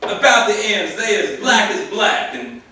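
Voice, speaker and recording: An actor with a rural American Yankee accent playing a brash, shrewd, folksy American on a theater stage, talking in bold, teasing slang. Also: male voice, high-pitched, sing-song, a little slow, pushed and bright, heavily acted. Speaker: actor in a play reading. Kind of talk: stage play reading. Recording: very echoey theater, distant mic, faint hiss.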